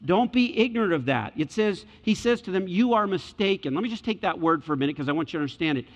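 A man preaching a sermon, animated, acting out quoted voices and climbing high when excited. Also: quick pace. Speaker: pastor. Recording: dull sound with long hall reverb.

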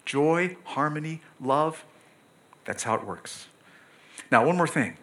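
Brief: middle-aged male pastor, sermon delivery, bright forceful tone, earnest and emphatic. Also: on the high side, lively intonation, slow. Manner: earnest, pleading, emphatic with sudden loud bursts.

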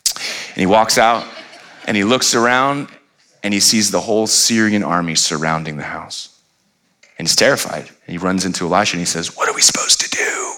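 Bright-voiced preaching pastor, man. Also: deep voice, normal speed. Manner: animated preaching with playful asides, rising to near-shouts. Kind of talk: sermon.

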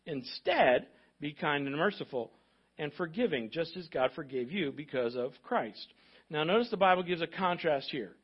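A man's voice: a little high, lively intonation, a little fast, breathy edge, lo-fi sound. A man preaching a sermon as pastor, emphatic and repetitive, prompting the congregation to fill in notes. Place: church.

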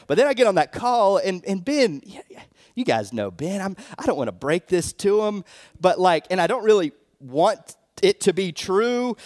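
Young male pastor, slightly high voice, casual sermon testimony, lots of filler words. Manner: conversational storytelling with many fillers.

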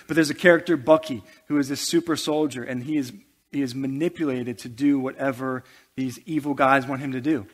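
A man's voice: medium pitch, steady tone, fairly quick. Man preaching. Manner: preaching with rising intensity and humor asides. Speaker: pastor. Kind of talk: sermon. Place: church.

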